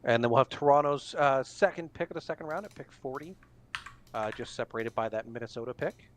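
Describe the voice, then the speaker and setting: A man's voice: medium pitch, brisk, a little hiss or hum. A man hosting a casual online hockey draft stream, announcing picks with frequent fillers. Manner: easygoing, filler-heavy announcing. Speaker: draft broadcast host. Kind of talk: casual live draft commentary.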